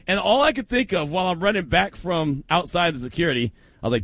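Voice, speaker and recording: A male radio host, a little winded, spins a story in an animated, high, swooping voice. He laughs often as he talks, and the recording is close and dry. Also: fast, breathy edge, no echo. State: a little out of breath. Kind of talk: casual radio chat.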